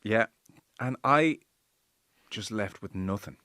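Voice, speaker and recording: Animated Irish man, lively pitch. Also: slow, no echo, clean studio sound. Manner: lively, teasing, animated storytelling. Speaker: podcast host. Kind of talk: casual sports podcast chat.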